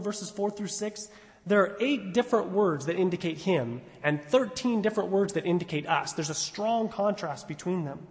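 A man preaching an expository sermon, emphatic, slowing down to stress repeated phrases. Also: sits high, in a large hall.

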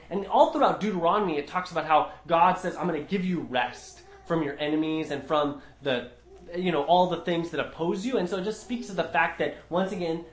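A man's voice: on the high side, fairly bright tone. A man teaching a Bible study group, earnest and emphatic, often restarting his sentences. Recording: roomy echo.

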